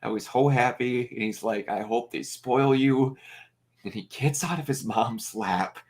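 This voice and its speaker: A man hosting a casual film review chat, talking in an excitable, emotional way and swearing freely. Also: mid-range voice, measured pace. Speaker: host.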